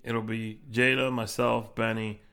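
Laid-back podcast host guy, gravelly voice, just chatting. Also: fairly low pitch, flat delivery, unhurried, pushed and bright. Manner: laid-back, plugging show details. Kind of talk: casual chat.

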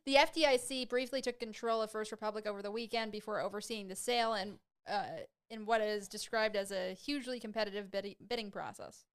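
A woman co-hosting a podcast in casual chat, relaxed and quick to laugh as she relays news stories. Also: mid-range voice, clear, resonant tone. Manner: easygoing, laughs often, relays news items. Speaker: podcast co-host.

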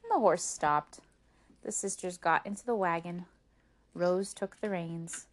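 Slow, expressive woman reading aloud. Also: fairly low pitch. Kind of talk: storybook read-aloud.

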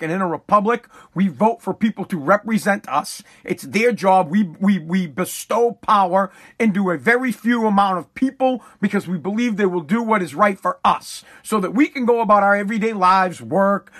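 Man, podcast host, angry political rant, swearing, emphatic, repeats himself, very high voice. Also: a bit bright. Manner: profane, emphatic, repeats words when worked up.

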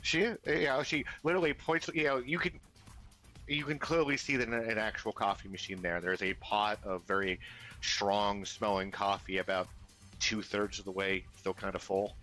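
A man's voice: fairly low pitch, level tone, moderate pace, sharp tone, faint music behind. A man narrating as game master of a tabletop game, rambling with lots of fillers and restarts.

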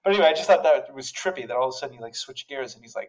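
A man's voice: mid-range voice, expressive, rapid-fire, rough recording. Rambling man telling a story. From Netherlands. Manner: rambling storyteller with many restarts and fillers. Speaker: podcast co-host. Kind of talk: casual chat.

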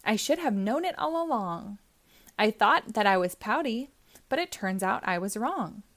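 A woman's voice: medium pitch, expressive, normal speed, fairly bright tone, no echo, lightly acted. A woman voicing a glum, gloomy male fish in a children's storybook, in a sing-song read-aloud manner. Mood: surprised.

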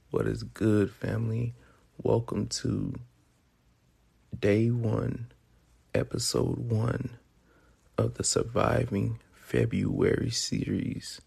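A young man talks through his solo podcast in a very gravelly, husky voice that sits a little low. His delivery is casual and profane, and he often trips over repeated words as he speaks. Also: takes it slowly, a little mellow. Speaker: podcast host.

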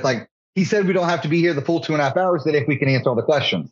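A young man rambles through casual chat, filling his sentences with "like". His voice sits somewhat high, and the recording is dry and a little muffled. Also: lively intonation, rapid-fire, no room sound. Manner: rambling, says "like" a lot. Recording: slightly dull podcast audio.

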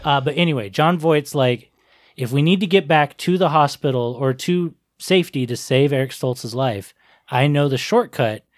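A man's voice: fairly high pitch, moderate pace, dry recording, clean studio sound. A young man casually recapping a movie with friends, rambling, swearing and laughing as he goes. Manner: rambling, profane, laughs often. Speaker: podcast co-host.

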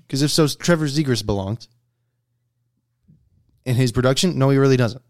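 A man's voice: mid-range voice, moderate pace, pauses often, a little mellow. A man hosting a laid-back sports podcast, with a voice sitting right in the middle of the male range. He argues his picks, rattling off stats and checking in with "okay?" as he goes. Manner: argumentative, reads out stats with frequent "okay?" check-ins. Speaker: podcast host. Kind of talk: casual sports debate chat.

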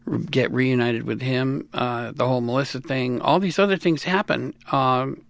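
A man in his sixties from the United States talks as an interview guest, rambling and animated with frequent laughs. His voice has a gravelly rasp at a middling pitch. The sound is close and dry. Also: moderate pace, dry recording. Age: 60s. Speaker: musician guest. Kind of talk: casual interview talk.

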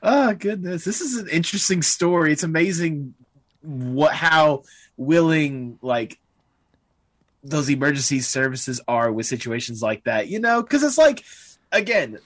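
A man's voice: a little high, animated, a little slow, a bit bright, no echo. A young man chatting casually on a podcast, thinking aloud with fillers and offering wry, opinionated takes. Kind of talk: casual chat.

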